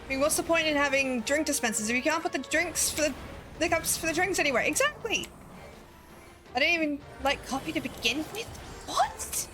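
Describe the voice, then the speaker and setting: A woman's voice: sits high, expressive, brisk, music in the background. A young woman streaming a game, chatting casually, giggling often and reading chat aloud.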